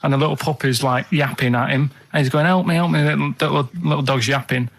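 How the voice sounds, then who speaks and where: Rambling man telling halting stories. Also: mid-range voice, flat delivery, creaky, a bit bright, a little hiss or hum. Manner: rambling, halting storytelling with many restarts. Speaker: radio show regular. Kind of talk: casual radio chat. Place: radio studio.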